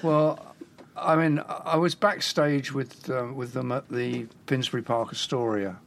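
A man's voice: medium pitch, steady tone, measured pace, vocal fry, a little hiss or hum. An older man, a music journalist, telling wry anecdotes and acting out quotes in little voices. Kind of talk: anecdotal storytelling.

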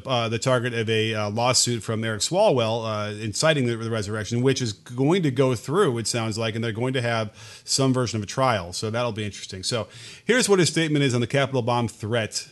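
A man's voice: mid-range voice, a little fast. A man co-hosting a political podcast, reading statements aloud and commenting wryly, often stumbling over his words and searching for them. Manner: hesitant, many fillers and restarts, wry. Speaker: podcast co-host.

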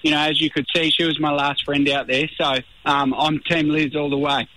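An Australian man, a reality show contestant, chatting in a relaxed radio interview and saying "mate" often. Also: a little high, moderate pace, poor audio. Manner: laid-back, says mate a lot.

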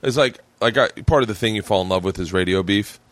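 A man's voice: fairly low pitch, fast talker, a bit bright, no echo. A man hosting a podcast in casual chat, rambling, laughing often and swearing. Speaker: podcast host.

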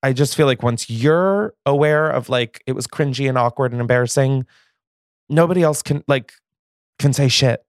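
A man's voice: medium pitch, normal speed, no room sound, studio quality. A man hosting a podcast, reading stories aloud in a profane, gossipy manner, jittery from caffeine and laughing often. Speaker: podcast host.

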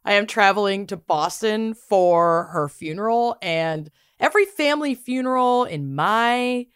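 A woman's voice: mid-range voice, lively intonation, a little slow, clean tone, dry recording, clean studio sound. A woman co-hosting a casual podcast chat, joking and swearing as she tells family stories. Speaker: podcast co-host.

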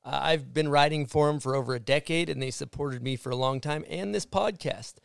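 A man hosting a casual snowboarding podcast, talking in a relaxed, conversational way and reading sponsor spots. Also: a little high, brisk, vocal fry, clear, resonant tone, dry recording, studio quality. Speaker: podcast host.

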